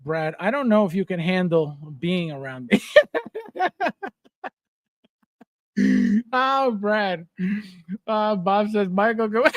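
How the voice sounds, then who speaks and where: The recording is dry and studio quality, catching a man's high voice at a slightly slow pace as he hosts a casual livestream. He reads viewer comments, laughs frequently, and repeats words for a comic touch.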